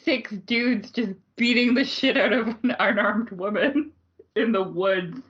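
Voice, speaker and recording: A woman co-hosts a podcast in relaxed, chatty conversation, blunt and often laughing as she talks. Her voice sits at an ordinary pitch. The recording is a little muffled and dull. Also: takes it slowly. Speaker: podcast co-host. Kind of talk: casual movie discussion.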